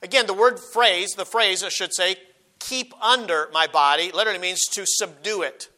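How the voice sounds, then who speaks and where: High-voiced bright male preacher. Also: normal speed. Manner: emphatic, repeats key phrases, quotes King James scripture. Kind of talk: sermon.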